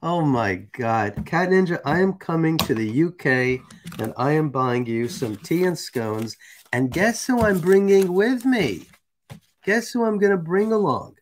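A man's voice: a little high, big pitch swings, unhurried. A man hosting a live stream, reading a text aloud and chatting casually with viewers. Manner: casual, chatty, asides to the chat.

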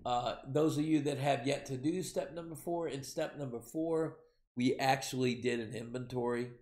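A man leading a faith-based recovery class, speaking in a halting way with many fillers, then building to emphatic preaching. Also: medium pitch, a little mellow. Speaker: recovery program leader.

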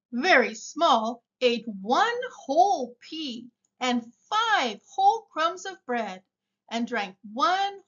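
Woman reading a picture book aloud, slow and expressive, slightly muffled audio. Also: a little high. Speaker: storybook reader.

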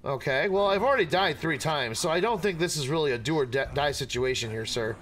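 A man gaming streamer giving let's play commentary, excitable, often yelping, apologizing and swearing when something startles him. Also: a little high, brisk.

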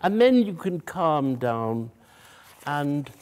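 A man's voice: fairly high pitch, big pitch swings, slow. A man coaching a piano student in a masterclass, coaxing and singing phrases aloud to show how they should go. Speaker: piano teacher. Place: music room or hall at a workshop. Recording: piano playing behind.

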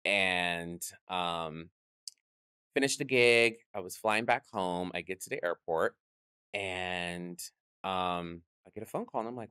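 Drag performer guest, male, fairly low voice, lively storyteller, dry studio mic. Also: smooth, dry recording. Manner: animated, acts out quoted voices, laughs often. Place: podcast studio.

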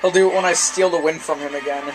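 A man's voice: a little high, steady tone, fast, low-quality recording. A man in casual chat while playing a racing game, joking crudely, laughing often and rambling through absurd stories. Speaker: gamer co-host. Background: game music.

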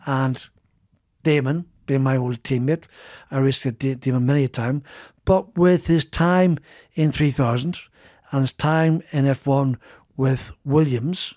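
A middle-aged man, a former racing driver, tells his stories in a loose, rambling way, stumbling over restarts and repeating himself. His voice sits at an ordinary pitch. It is recorded close on a dry studio podcast mic. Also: a little slow, darkish tone, dry recording. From Northern Ireland. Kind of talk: casual interview storytelling.

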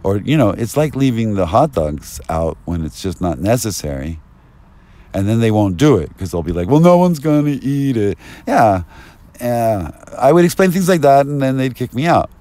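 A man rambling through an agitated street monologue, at times rising to yelling, recorded outdoors on a binaural mic. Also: lowish voice, sing-song, normal speed, no room sound. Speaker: vlogger.

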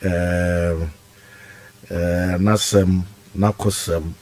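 Slow, low Ghanaian radio host. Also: male voice, noisy background. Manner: calm, brief affirming responses. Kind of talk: radio talk show. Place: radio studio.

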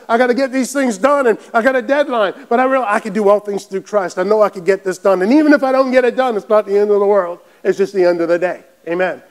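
A man preaching a sermon as pastor, fervent and building to shouts, often repeating words and restarting phrases. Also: high voice.

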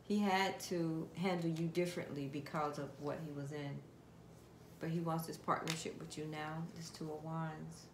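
A woman's voice: deep voice, normal speed. A woman giving a casual tarot reading to her viewers, chatty and direct, putting questions to spirit aloud. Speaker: tarot card reader. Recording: echoey room with steady background noise.

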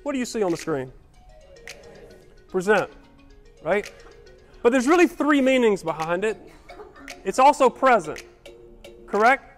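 A man with a very high voice delivers an energetic motivational keynote in a conference hall. He drives the room with call-and-response chants, and faint music plays behind him. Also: moderate pace, long pauses. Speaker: keynote speaker. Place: conference hall with a live audience.

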